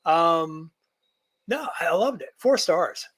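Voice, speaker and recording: A man's voice: on the high side, lively intonation, slow, fairly bright tone. A man appearing as a guest on a casual podcast, playful and rambling as he shares his thoughts. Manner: playful, rambling, self-deprecating.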